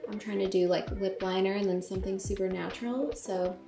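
A young woman chats about her makeup in an easy, excitable way, full of little fillers. Her voice sits at a middling pitch and bounces around an echoey room, with background music playing throughout. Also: a little fast, creaky. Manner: chatty and excitable, filler-heavy. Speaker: beauty vlogger. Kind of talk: casual chat to camera. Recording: roomy echo with music over it.

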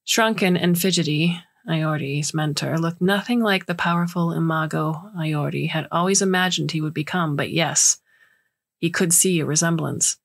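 Husky, lowish woman narrating. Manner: measured storytelling. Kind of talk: scripted narration.

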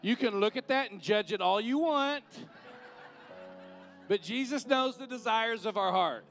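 A man's voice: high-pitched, animated, a little slow, fairly bright tone, faint music behind. A middle-aged man, preaching a conversational sermon and leading an altar call. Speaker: guest minister.

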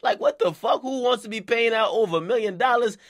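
A man's voice: very high-pitched, fairly quick, no room sound, studio quality. A young man giving a casual, profane, slang-heavy rant about celebrity gossip for his channel. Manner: animated, profane, slangy street talk. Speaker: YouTube commentator.

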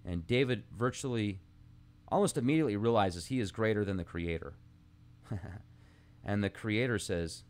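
A man's voice: fairly low pitch, moderate pace, pauses often. Rambling man musing aloud on a podcast. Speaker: podcast host. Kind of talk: casual monologue, reading ancient texts aloud.

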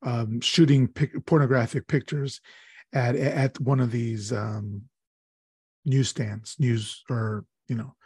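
Man, podcast host, husky tone, dry close sound, loose rambling movie talk. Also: medium pitch, steady tone, slow pace, darkish tone, no room sound. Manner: rambling, loose, searches for words. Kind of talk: casual horror movie chat.

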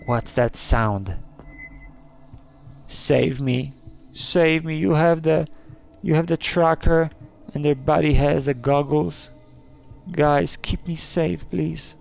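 A jumpy, easily spooked man narrates his way through a scary game, gasping and crying out in alarm. His voice is gravelly with plenty of fry, and he talks at an unhurried pace. Faint game music plays behind him. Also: on the high side, darkish tone. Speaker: gaming channel host. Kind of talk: let's play commentary.

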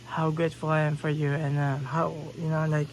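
A woman's voice: low-pitched, level tone, brisk, a little hiss or hum, rough recording. A young woman vlogging from her bedroom, rambling casually with lots of giggling and swearing. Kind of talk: casual rambling room tour. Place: own bedroom.

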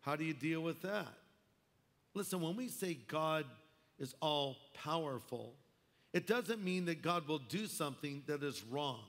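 A man's voice: a little high, lively intonation, a little slow, a bit bright. A man preaching a sermon as pastor, emphatic with wry asides. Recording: long hall reverb.

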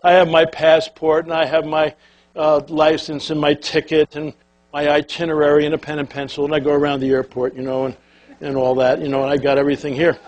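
An older man giving a folksy, animated storytelling speech to an audience, acting out voices as he goes. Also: fairly high pitch, fairly quick. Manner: animated, folksy, acts out quotes and quacking sounds. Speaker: keynote speaker.

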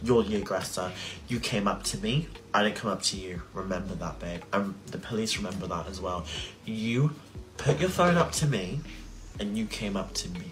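A man's voice: on the low side, expressive, normal speed, over music. A man, ranting heatedly and indignantly on a livestream and swearing often. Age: 20s. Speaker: social media creator on a livestream. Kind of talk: emotional livestream rant.

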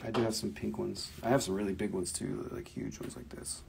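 Male live-sale host with a gravelly voice, casual and chatty, jokes between prices. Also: on the low side, big pitch swings, fairly quick, noisy background. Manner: chatty and joking. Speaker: host selling crystals on a live stream. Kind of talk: casual live sales stream.

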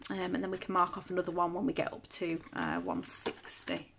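A woman with a fairly low voice talks casually through her budget at home, counting notes aloud in an easy, steady patter. A faint hiss sits under the recording. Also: racing, vocal fry. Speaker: budgeting vlogger. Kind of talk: casual chat while counting cash.

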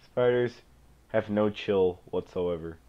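A young man giving excitable, jumpy let's play commentary as a gaming YouTuber. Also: fairly low pitch, slow. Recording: dull lo-fi home mic.

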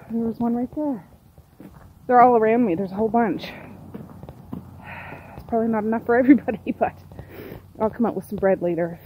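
A woman's voice: fairly high pitch, brisk, pauses often, dull audio, a little hiss or hum. A middle-aged woman chatting casually through her day in a vlog, rambling to the camera and talking to her pets and birds. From Nova Scotia, Canada. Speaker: vlogger.

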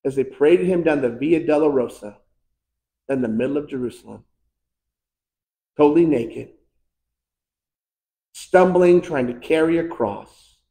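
An American pastor preaching a fervent sermon, swinging between shouted climaxes and hushed, quiet lines. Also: male voice, on the high side, a little slow, pauses often. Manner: impassioned preaching, building to shouts and dropping to hushed tones. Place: church sanctuary. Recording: echoey church room.

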